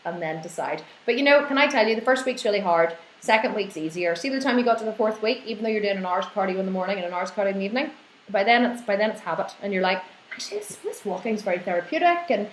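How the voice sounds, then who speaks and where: A woman hosting a live fitness Q&A, reading out viewer questions and launching into animated, opinionated rants. Her voice sits in a middle pitch. The sound is roomy and echoey, with faint ambience underneath. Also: quick pace, slight background noise. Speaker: fitness and nutrition coach. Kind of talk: live online Q&A.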